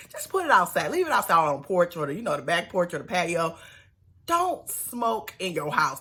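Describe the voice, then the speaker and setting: A woman's voice: lowish voice, a bit bright. A woman, casually recapping a reality show with sassy, mocking asides and bursts of laughter.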